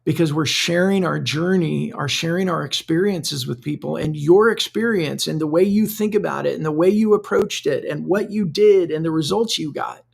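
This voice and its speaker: A middle-aged man talks through a solo podcast episode in a loose, conversational way, circling back and repeating words as he works out his thoughts. His voice sits a little high and carries a strong gravelly fry throughout. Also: moderate pace, few pauses. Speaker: podcast host. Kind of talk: solo podcast monologue, live-streamed.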